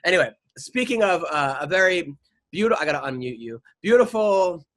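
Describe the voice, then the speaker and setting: Middle-aged guy hosting a podcast, kinda high voice, keeps tripping over his words and cussing as he rambles on. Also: lively intonation, fairly quick, fairly bright tone. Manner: rambling storyteller, stammers and restarts, swears freely. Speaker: podcast host. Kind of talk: casual chat.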